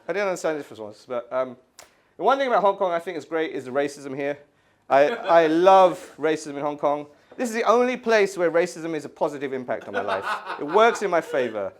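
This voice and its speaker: A man in his thirties from the UK doing an animated stand-up set in a gallery, acting out voices and screaming kids. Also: fairly high pitch, fast. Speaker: stand-up comedian. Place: art gallery before a live audience. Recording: live room with audience laughter.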